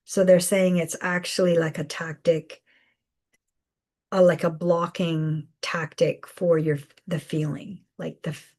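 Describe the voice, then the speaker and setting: Woman, slow soft-spoken guidance, lowish voice, repeats herself, lots of fillers. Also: flat delivery. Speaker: intuitive guidance host. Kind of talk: live spiritual guidance session.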